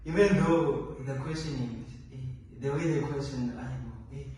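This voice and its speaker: A man's voice: medium pitch, moderate pace, slight background noise. A young man, a medical student talking casually with lots of exclamations. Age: young adult. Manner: exclamatory, animated casual talk. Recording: echoey room, distant mic.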